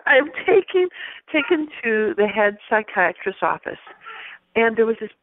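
A woman guest telling a personal story in an animated way, laughing often and restarting her sentences. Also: a little high, unhurried, no echo. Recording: phone-like lo-fi line.

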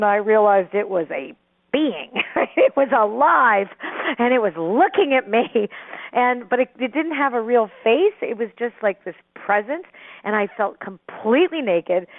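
A middle-aged woman telling a personal story as a caller, animated and rambling, with restarts and frequent laughs. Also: on the high side, dry recording. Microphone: telephone. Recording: tinny phone line.

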